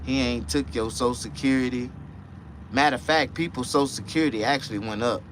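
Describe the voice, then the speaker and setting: A man hosting a casual livestream chat, rambling and profane, dropping to low mutters and jumping to high excited outbursts. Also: fairly quick, a little hiss or hum. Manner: profane, rambling street talk. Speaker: livestream host.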